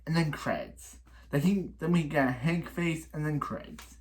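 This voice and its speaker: A man's voice: on the high side, normal speed. A man giving a casual spoken recap of a TV episode, rambling with many restarts and repeated phrases, and complaining about the ending. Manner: exasperated complaining. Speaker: reaction video host.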